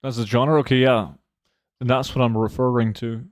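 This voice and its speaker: Young guy from norway goofing around on stream, middle pitch, dry close sound, swears a lot. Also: level tone, moderate pace, no room sound. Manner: joking, rambling, swears freely. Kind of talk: casual gaming chat with friends.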